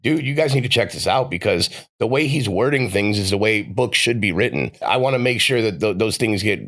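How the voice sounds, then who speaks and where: Lowish-voiced dude cohosting a podcast, frank and casual. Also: male voice, lively intonation, a little fast, a bit bright. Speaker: podcast co-host.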